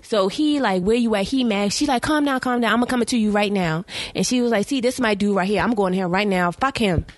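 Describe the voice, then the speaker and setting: A woman from Charleston, hosting a podcast and telling a story in casual chat, acting out quotes in high voices and laughing often. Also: fast talker, hardly any pauses. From Charleston, South Carolina. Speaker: podcast host.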